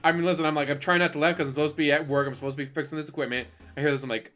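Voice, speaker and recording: A man's voice: fairly high pitch, steady tone, racing, a bit bright. A man ranting casually on a live stream, swearing a lot, laughing often and mocking the people he talks about. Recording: faint music behind.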